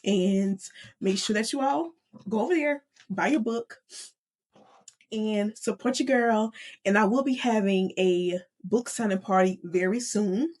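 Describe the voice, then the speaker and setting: Woman podcast host, motivational monologue, lively, near tears. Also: medium pitch, measured pace. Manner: animated, addresses listeners as y'all.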